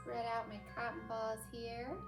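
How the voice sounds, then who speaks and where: Woman, children's story time host, slow gentle reading, echoey room, background music. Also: on the high side, completely flat delivery, vocal fry. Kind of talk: children's picture book reading and craft demo.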